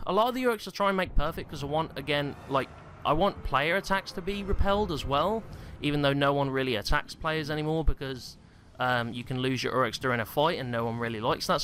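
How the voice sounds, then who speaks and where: A man's voice: fairly high pitch, fairly bright tone, a little hiss or hum. Breathless guy rambling over gameplay. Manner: rambling, heavy on fillers like um and like. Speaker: gaming YouTuber. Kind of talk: casual gameplay commentary. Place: small stuffy room at home.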